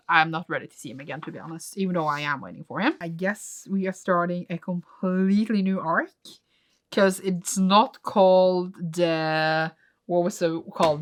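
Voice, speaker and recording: A woman with a voice on the low side reacts casually to manga in a vlog. She alternates between softly muttering recaps and squealing, gasping outbursts.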